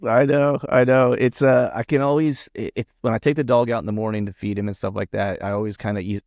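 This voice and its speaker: Guy hosting a podcast, kinda low voice, rambly and casual, dry muffled sound. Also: steady tone, quick pace, gravelly, a little mellow, no echo. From Pennsylvania. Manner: rambling, chatty, many restarts and fillers. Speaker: podcast host. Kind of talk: casual interview chat.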